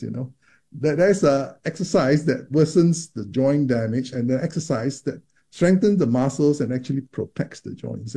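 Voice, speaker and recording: Gravelly, dark-toned doctor explaining patiently. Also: male voice, mid-range voice. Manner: explanatory, many repeated words and restarts. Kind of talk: interview about menopause research.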